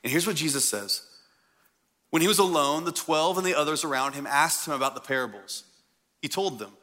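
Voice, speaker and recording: A man preaching a sermon to a congregation in a church, animated and conversational. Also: on the high side, fairly quick. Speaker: pastor. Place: church sanctuary before a congregation.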